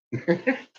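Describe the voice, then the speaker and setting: A man chatting casually to his viewers on a stream, laughing constantly between lines and swearing heavily. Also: dull audio. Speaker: livestream host. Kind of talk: rambling casual chat to viewers.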